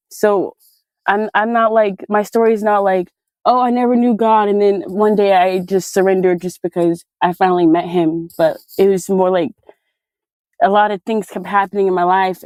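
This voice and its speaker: A woman in her twenties from California, a guest speaker giving an emotional personal testimony, halting and tearful, with many fillers. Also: on the low side, darkish tone, no room sound. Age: 20s. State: crying.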